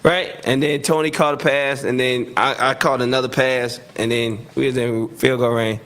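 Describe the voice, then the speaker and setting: A man, a guest telling a lively sports story in casual chat, laughing often and acting out what people said. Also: medium pitch, normal speed, clear, resonant tone. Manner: animated, acts out quotes, laughs often. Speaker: guest, former NFL receiver.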